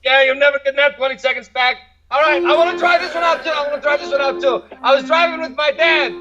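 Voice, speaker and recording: Very high-voiced man doing stand-up. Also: fast talker, dull audio, music in the background. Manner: keeps checking how the audience reacts to his jokes. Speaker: stand-up comedian. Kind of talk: open-mic stand-up set.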